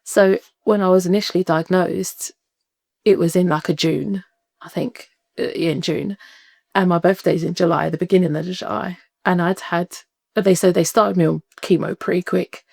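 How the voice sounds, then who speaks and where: A woman, a podcast guest telling a personal story in lively conversation, acting out what people said and laughing often. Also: fairly low pitch, normal speed, creaky, no echo, studio quality. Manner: animated, acts out quoted voices, laughs often.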